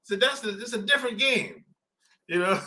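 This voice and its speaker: A man's voice: high voice, normal speed, sharp tone. A man in casual podcast chat, blunt and slangy, laughing often as he talks. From southern United States. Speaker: podcast host.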